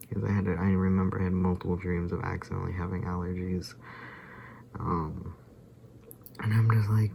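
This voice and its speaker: A man's voice: low-pitched, little pitch movement, normal speed, gravelly, slight background noise. A weary man vlogging in a rambling casual monologue, sighing and sometimes dropping to a whisper. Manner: tired, drifts into soft whispers and sighs.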